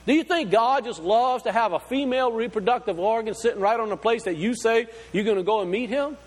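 A man's voice: extremely high pitch, a little fast, in a large hall. A man preaching a sermon, folksy and full of rhetorical questions. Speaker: pastor.

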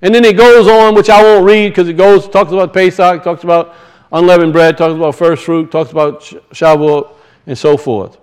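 Pastor, male, high voice, homespun storytelling sermon delivery. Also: steady tone, normal speed, smooth, low-quality recording. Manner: folksy storytelling, rising to emphatic scripture reading.

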